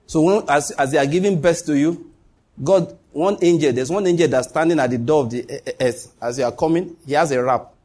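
A man's voice: a little high, a little fast, a little mellow. A man preaching a sermon as pastor, emphatic, repeating key lines and dropping joking asides.

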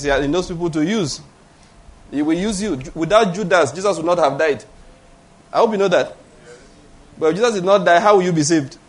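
Nigerian male pastor, middle-aged, raised pitch, emphatic conversational sermon delivery. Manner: emphatic, conversational preaching with frequent check-ins to the congregation.

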